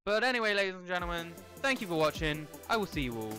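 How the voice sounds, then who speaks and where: A man's voice: high-pitched, big pitch swings, fast, pushed and bright, faint music behind. A young man giving casual gameplay commentary, rambling and talking to the characters on screen. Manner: rambling, talks to the game characters. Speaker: let's play gamer.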